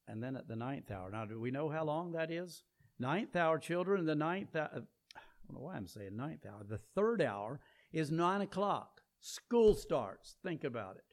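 Guy preaching a sermon, kinda high voice, gets loud then drops way down quiet. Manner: swings from loud emphatic peaks to low quiet passages.

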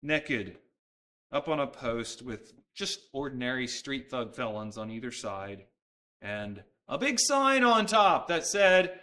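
A man's voice: medium pitch, lively intonation, a little slow, pushed and bright. A man preaching a sermon, talking earnestly and conversationally and often restarting his sentences. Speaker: pastor.

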